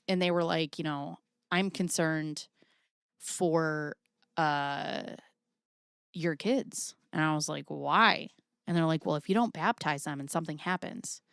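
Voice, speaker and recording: A woman's voice: lowish voice, fairly bright tone, clean tone, no room sound, clean studio sound. Chatty, frank woman livestreamer. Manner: chatty, swears freely, reads chat aloud. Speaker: livestream host. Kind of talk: casual livestream commentary.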